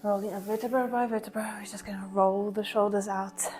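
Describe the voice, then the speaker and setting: A woman coaches a pilates class, counting down reps and calling out inhales and exhales while she does the moves herself. She sounds a little out of breath. Her voice is mellow, and soft music plays faintly behind her. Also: medium pitch, steady tone, fairly quick. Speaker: pilates instructor. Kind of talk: workout class instruction.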